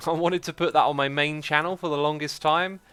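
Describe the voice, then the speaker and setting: Bright, chatty man streaming games. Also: on the high side, normal speed, smooth, soft background music. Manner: chatty, excitable, thinks aloud, reads chat messages out. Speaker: livestream host. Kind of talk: live gameplay commentary.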